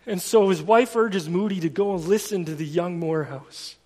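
High-voiced preacher in echoing hall. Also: male voice, normal speed, a little mellow. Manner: casual storytelling with fillers like "like" and "kind of". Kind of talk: conversational sermon. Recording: long reverb of a large hall.

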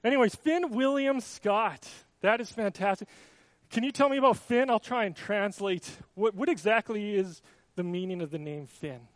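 Chatty pastor guy, kinda high voice, keeps restarting, dry close sound. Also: normal speed, no echo. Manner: casual and chatty, with many restarts. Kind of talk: church service announcements and baby dedication.

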